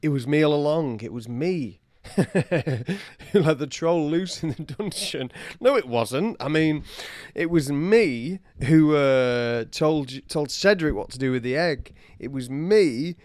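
A man's voice: on the high side, expressive, a little slow, a little mellow, no echo, clean studio sound. A man doing an eager confessing wizard. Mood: boastful. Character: devoted scheming male wizard confessing, eager and boastful.

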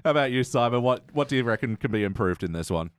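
A man's voice: medium pitch, expressive, fast, clear, resonant tone, dry recording. Male host, chatty and laughing, very dry mic. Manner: laughs often, leads the questions. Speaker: podcast host. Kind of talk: casual review chat.

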